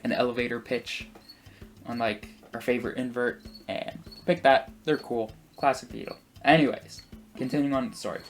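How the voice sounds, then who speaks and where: A man in his twenties rambling through a story while playing a game, full of asides and fillers, and jumping into animated voices for the people he quotes. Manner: acts out quoted people with big pitch jumps. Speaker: gameplay commentator.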